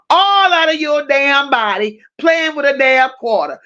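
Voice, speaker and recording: A woman hosting a casual true-crime livestream, reading viewer comments aloud and answering them with blunt, profane, animated banter. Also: high voice, unhurried, highs cut off. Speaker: livestream host reading chat.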